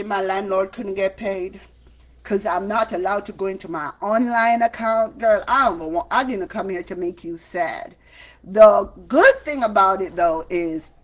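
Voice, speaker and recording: A middle-aged woman chats casually on her own livestream, and her voice sits at an ordinary middle pitch. She tells stories and acts out what she and other people said. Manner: chatty storytelling, acts out her own and others' quoted lines. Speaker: livestream host.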